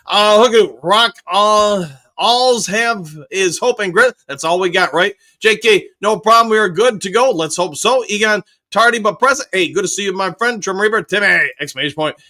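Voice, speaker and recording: A man's voice: high-pitched, moderate pace, bright, forceful tone. Upbeat man reading live chat. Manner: reads viewer comments aloud and answers them, upbeat, many fillers. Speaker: host of a live fan show reading chat. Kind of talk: casual live-stream chat.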